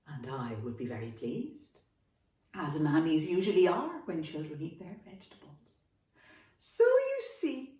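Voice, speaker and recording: An Irish woman and children's author giving a storytelling workshop for kids in an animated, expressive way. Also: lowish voice. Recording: echoey room, from a distance.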